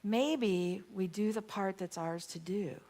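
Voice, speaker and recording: A woman minister giving a sermon, telling a story with animated, emphatic bursts. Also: mid-range voice, slow. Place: church sanctuary.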